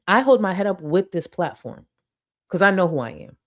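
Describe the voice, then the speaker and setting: A woman YouTuber giving blunt, profane casual commentary who sometimes bursts into excited shouting. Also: fairly low pitch, normal speed.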